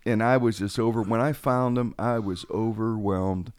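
A man's voice: fairly low pitch, normal speed, clean tone, dry recording. A man, a radio personality telling stories on a casual podcast, acting out quoted lines with animation. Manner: animated, acts out quotes in a raised voice.

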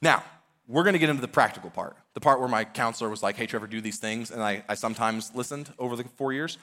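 A man's voice: mid-range voice, quick pace, sharp tone. A man in his thirties preaching a sermon, earnest and conversational, often using casual fillers. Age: 30s. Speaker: pastor.

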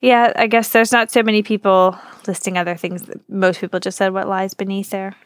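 A woman's voice: mid-range voice, level tone, a little fast, no room sound, clean studio sound. A woman co-hosting a casual podcast, chatting wryly while watching a movie, a bit sleepy. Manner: wry, joking. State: sleepy, yawning. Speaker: podcast co-host.

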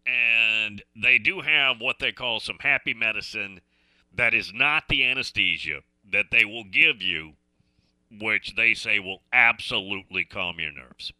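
A man's voice: lowish voice, a little slow, pushed and bright, smooth, no room sound. A middle-aged man hosting a radio talk show, telling a folksy story in a chatty way that repeats and restarts phrases. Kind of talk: casual storytelling chat.

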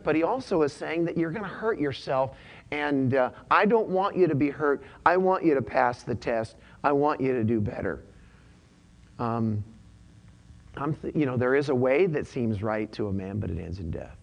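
A man's voice: a little high, lively intonation, normal speed. A pastor delivering a conversational sermon, often repeating his points and using casual slang.

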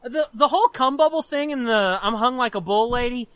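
A man co-hosting a podcast, telling crude stories in an animated way and laughing often. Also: very high voice, brisk, dry recording. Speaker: podcast co-host. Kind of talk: casual chat, storytelling.

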